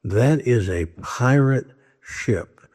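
A man voicing a commanding ship captain from the seventeen hundreds in a told joke, speaking gruffly and giving orders. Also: mid-range voice, lively intonation, slow, a little mellow.

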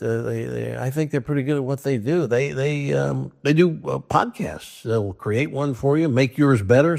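A man hosting a podcast, telling a long joke in a chatty, drawn-out way with frequent restarts. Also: mid-range voice, a little mellow. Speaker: podcast host.

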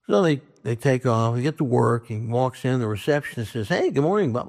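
A man's voice: mid-range voice, lively intonation, brisk, hardly any pauses, darkish tone. A man telling a long joke in a folksy, casual way, with plenty of restarts, acting out each character's lines. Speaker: joke teller. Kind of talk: casual storytelling.

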